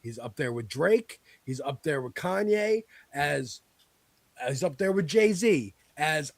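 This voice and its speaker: Male American host, gravelly, casual and profane, dry recording. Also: a little high, expressive, slow pace, dry recording. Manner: loose, laughing, swears freely. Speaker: podcast host. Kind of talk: casual political chat.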